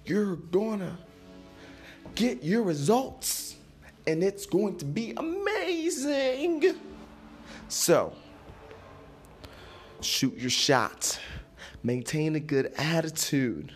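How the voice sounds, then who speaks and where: A man hosting a solo motivational podcast, talking in an animated, playful way with sudden jumps in pitch. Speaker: podcast host.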